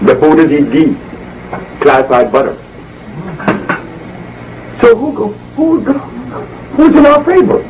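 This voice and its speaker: A man's voice: very high voice, far from the mic, noisy background. Emphatic man lecturing a crowd. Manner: emphatic and preachy, repeating words for force. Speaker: speaker addressing an audience. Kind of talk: lecture to a live audience. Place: indoor evening gathering.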